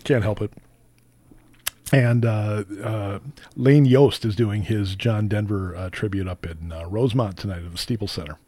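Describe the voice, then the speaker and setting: A man's voice: lowish voice, moderate pace, dark tone, slightly rough, no room sound. Guy hosting local radio, lots of uhs and restarts, dry close mic. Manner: rambling, many fillers and restarts. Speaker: radio host. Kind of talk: casual radio chat.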